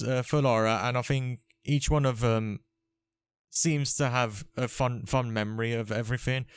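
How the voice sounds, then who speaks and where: A man's voice: mid-range voice, clear, resonant tone, no room sound, clean studio sound. A man hosting a casual gaming podcast, chatting and rambling with restarts. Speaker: podcast host. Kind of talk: casual chat.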